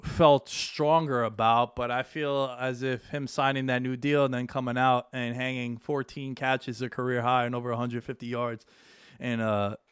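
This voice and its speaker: Energetic man hosting a sports podcast. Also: mid-range voice, moderate pace, smooth, dry recording, studio quality. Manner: loose, energetic, swears casually. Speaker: podcast host. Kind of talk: solo sports betting podcast chat. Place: home studio, New York.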